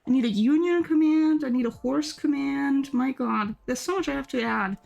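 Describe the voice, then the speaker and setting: A woman's voice: high-pitched, normal speed, creaky, a little mellow. A young woman streamer chatting casually, giggling and reading her chat aloud.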